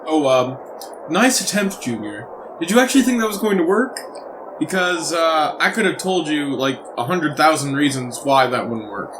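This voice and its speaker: Man, tabletop player in character, slightly high voice, blunt, swears, background noise. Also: lively intonation, moderate pace. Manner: blunt, profane, mocking. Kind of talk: in-character role-play.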